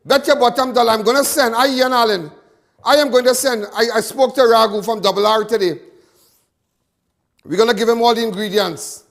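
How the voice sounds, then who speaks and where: A man's voice: extremely high pitch, steady tone, a little fast, creaky. A Trinidadian man hosting a live crime talk show, delivering a fiery monologue full of repetitions and stammered restarts.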